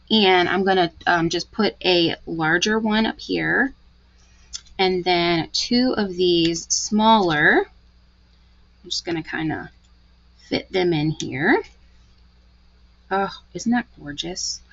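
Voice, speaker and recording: A woman's voice: fairly low pitch, vocal fry, a bit bright, lo-fi sound. A woman giving a live craft tutorial, chatty and gushing as she talks through each step. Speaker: card-making demonstrator.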